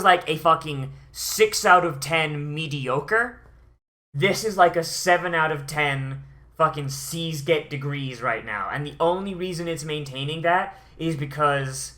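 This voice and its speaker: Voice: mid-range voice, unhurried, pushed and bright. An anime reviewer ranting through a watch-along, swearing often and sighing in exasperation.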